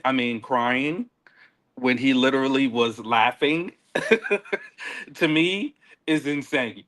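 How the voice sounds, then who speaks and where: A man co-hosting a casual recap podcast, animated, laughing often and stumbling over repeated words. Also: mid-range voice. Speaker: podcast co-host. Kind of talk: casual reality-show recap chat.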